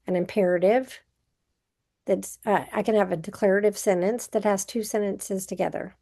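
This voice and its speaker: A woman's voice: medium pitch, a little mellow. A woman teaching a recorded grammar review, patiently explaining step by step with example sentences.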